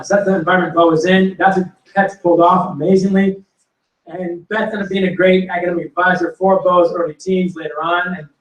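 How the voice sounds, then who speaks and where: A man telling animated football stories to an audience and acting out quotes and punchlines. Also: high-pitched. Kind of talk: storytelling to a live audience. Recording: roomy hall recording from a distance.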